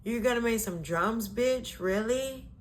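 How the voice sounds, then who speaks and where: A woman's voice: on the high side, unhurried, slight background noise. A woman ranting in a casual commentary vlog, blunt and profane, exasperated, with lots of fillers, recorded on a phone at home. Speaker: vlogger. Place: at home, face cream on.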